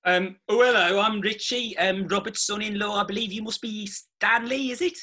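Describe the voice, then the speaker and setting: A man's voice: high-pitched, fairly even intonation, normal speed, sharp tone. A man playing a bumbling, flustered son-in-law. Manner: flustered, hesitant, stammering.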